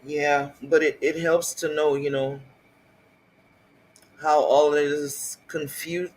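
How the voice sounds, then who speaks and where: A man's voice: a little high, little pitch movement, slow, poor audio. A man chatting on a casual live stream, reacting to the chat and asking viewers questions.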